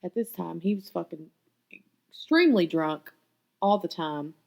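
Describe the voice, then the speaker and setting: A woman's voice: fairly low pitch, lively intonation, unhurried, creaky, a little mellow, poor audio. A woman hosting her own podcast, telling her life story in a raw, candid way and swearing freely. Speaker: podcast host. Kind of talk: confessional personal storytelling.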